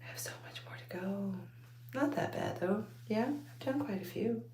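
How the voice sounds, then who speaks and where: Whispering in an echoey room, a woman with a medium-pitched, darkish, expressive voice talks at a moderate pace. She is a Texas-accented vlogger taking out her braids at home late at night under a bright light, chatting casually, rambling, laughing often and calling her viewers y'all.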